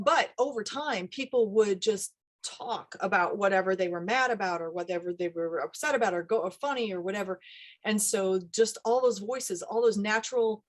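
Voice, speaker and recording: A woman dialect coach talking casually in an interview, animated and acting out little quoted voices as she explains. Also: mid-range voice. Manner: animated, acts out quoted voices, laughs often.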